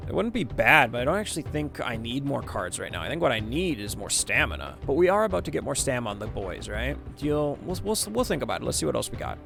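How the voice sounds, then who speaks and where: A man talks his way through a strategy game, reading cards and story text aloud in a loose, chatty way. His mid-pitched voice is strongly gravelly, full of vocal fry. Faint music plays underneath. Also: a bit bright. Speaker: gaming streamer. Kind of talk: casual let's-play commentary.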